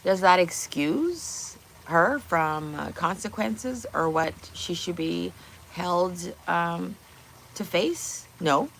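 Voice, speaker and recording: Woman streamer, low voice, blunt, opinionated, casual swearing, rhetorical questions. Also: slow, gravelly, fairly bright tone, slight background noise. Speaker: livestream host. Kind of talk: casual livestream chat. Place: home kitchen.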